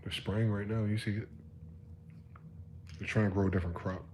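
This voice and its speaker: A man in his thirties giving a rambling, profane live-stream monologue, moving between quiet musing and loud ranting. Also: on the low side, fairly even intonation, fairly quick, slight background noise.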